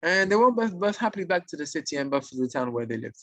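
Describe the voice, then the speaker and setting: A man's voice: fast, no echo. A man telling a religious moral story, acting out the characters' lines. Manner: animated, acts out the characters' lines with higher pitch.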